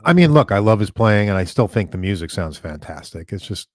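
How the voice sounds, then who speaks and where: Casting note: low male co-host, easygoing and hesitant, dry close sound. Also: no echo. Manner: relaxed, halting, hedges a lot. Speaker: co-host reading viewer questions. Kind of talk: casual chat.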